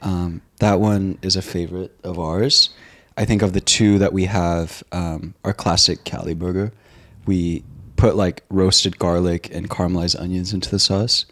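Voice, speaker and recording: Laid-back man with a lowish voice. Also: moderate pace. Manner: relaxed, laid-back, trails off with ums. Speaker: restaurant co-founder guest. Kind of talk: casual interview chat.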